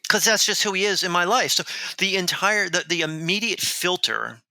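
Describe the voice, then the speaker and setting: Animated gravelly man telling a story. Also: high voice, normal speed, no echo, poor audio. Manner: animated, rambling, with many restarts. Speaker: author and guest. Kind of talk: conversational storytelling.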